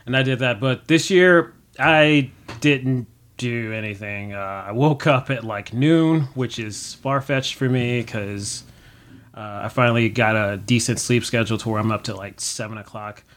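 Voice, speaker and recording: A man's voice: medium pitch, unhurried, a bit bright. Young man, casual guest, rambling storyteller, fills with "like" and "uh", acts out quotes. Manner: rambling, many fillers, acts out his own quotes. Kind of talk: casual chat.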